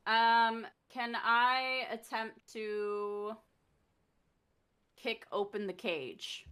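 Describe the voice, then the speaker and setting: A woman's voice: a little high, fairly even intonation, drawn-out words, a bit bright, clean tone. A woman playing in a tabletop game, feisty and swearing playfully. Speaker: player. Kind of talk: casual tabletop play.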